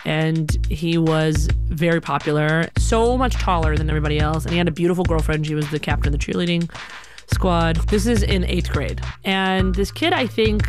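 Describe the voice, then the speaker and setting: A woman telling a personal story in an animated, conversational way, with many casual fillers. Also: lowish voice. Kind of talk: personal story told to an audience.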